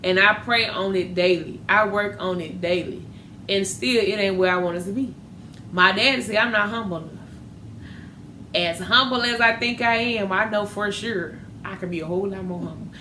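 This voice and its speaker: A woman's voice: mid-range voice, normal speed, bright, forceful tone. A woman hosting a podcast, talking candidly and animatedly about faith and dating. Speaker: podcast host. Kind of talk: casual faith talk. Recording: echoey room with faint noise.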